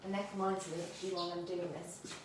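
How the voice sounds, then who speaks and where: A woman's voice: fairly low pitch, level tone, fast talker, recorded from a distance, very noisy. A woman from Africa, speaking, hosts a home cooking video. She talks in a chatty, rambling way and laughs easily. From South Africa. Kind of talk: casual cooking demonstration and chat. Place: home kitchen. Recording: echoey room, voice away from the mic.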